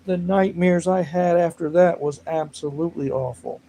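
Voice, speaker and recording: A man chatting casually with viewers on a livestream, telling rambling stories with animated outbursts. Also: a little high, moderate pace, gravelly, a little hiss or hum, rough recording. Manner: rambling, animated storytelling with loud laughing outbursts. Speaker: livestream host.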